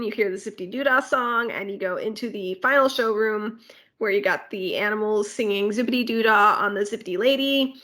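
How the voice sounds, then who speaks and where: A woman's voice: a little high, pushed and bright. A woman co-hosting a podcast, casually walking through a theme park ride with plenty of fillers and asides. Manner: rambling ride walkthrough with filler words and asides. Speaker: podcast co-host.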